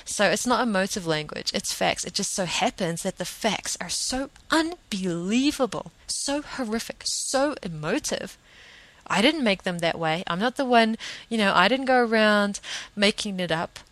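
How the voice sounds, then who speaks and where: A woman's voice: mid-range voice, lively intonation, moderate pace, a bit bright, no room sound, poor audio. A woman, hosting a solo podcast in an earnest, emphatic, rambling way. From New Zealand. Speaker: podcast host.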